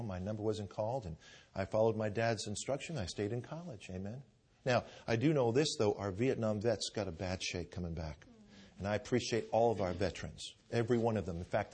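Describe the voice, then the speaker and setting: A man's voice: lowish voice, darkish tone, slightly rough. A middle-aged man preaching a sermon, telling stories and often asking the congregation for an "amen". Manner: storytelling with asides of "amen".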